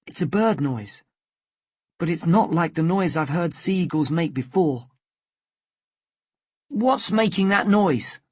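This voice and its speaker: Slow, husky storybook narrator. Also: mid-range voice, a little mellow, dry recording. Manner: slow, careful, clearly spaced. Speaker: storyteller for English learners.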